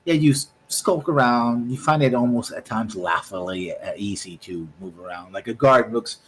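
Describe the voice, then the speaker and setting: A man's voice: medium pitch, moderate pace, rough recording. Rambling male game master, faint hiss. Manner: rambling, restarts and fillers while describing scenes. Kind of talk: narrating a tabletop game.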